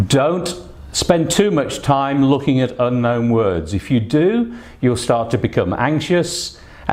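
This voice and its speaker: A man with a medium-pitched, slightly mellow voice teaches an online lesson for an English speaking test. He's patient and encouraging, using frequent fillers as he explains.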